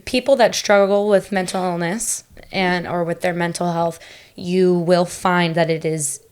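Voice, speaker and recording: A woman's voice: fairly low pitch, steady tone, a little slow, darkish tone. A young woman talking openly as a podcast guest, chatty and full of fillers and restarts. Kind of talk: casual conversational interview.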